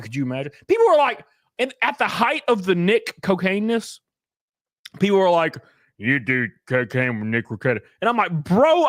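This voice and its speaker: A man hosting his livestream in casual chat, loud and joking, who breaks into sudden yelps of excitement. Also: high voice, no echo, studio quality. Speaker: streamer host.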